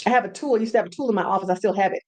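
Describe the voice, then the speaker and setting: A woman hosting a casual teaching talk from home, animated and repeating words for emphasis. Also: medium pitch, rapid-fire. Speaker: podcast host and brand coach.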